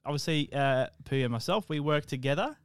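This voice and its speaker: A man with a South Australian accent, co-hosting a podcast in casual chat with slangy, laid-back banter, recorded close on a podcast mic in a small quiet room. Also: on the high side, animated, brisk, smooth, dry recording. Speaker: podcast co-host.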